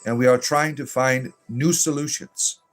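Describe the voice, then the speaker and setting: A man's voice: mid-range voice, fairly even intonation, a little slow, faint music behind. A man hosting a casual livestream and answering viewer chat with irreverent, sardonic banter, speaking in a put-on lilting accent that sounds a bit Irish.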